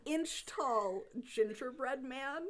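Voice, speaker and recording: A woman's voice: high-pitched, slow. A woman running a tabletop game as game master, laughing often through her narration.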